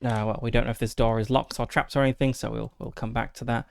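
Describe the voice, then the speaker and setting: A man's voice: medium pitch, flat delivery, fast talker, vocal fry, a little mellow, no echo. A man casually narrating his solo tabletop game, methodically thinking aloud through dice rolls and rules with frequent fillers, into a close desk mic.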